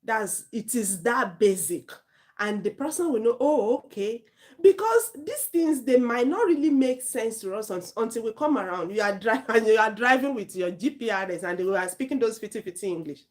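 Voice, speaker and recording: Speaking at a normal speed in a slightly high voice, a Nigerian-accented IELTS tutor delivers a casual lesson. She's lively and talkative, often stopping to fix what she's saying partway through.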